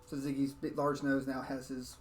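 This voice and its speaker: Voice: mid-range voice, monotone, moderate pace, soft background music. A playful game master narrating a tabletop game, often breaking into giggles.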